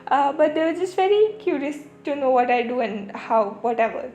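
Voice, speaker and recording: A woman hosting a podcast, talking in a rambling, reflective way full of fillers and restarts, and easing into a slow, soothing tone. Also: high voice, a little mellow, reverberant, faint music behind. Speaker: podcast host. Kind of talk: reflective spiritual talk.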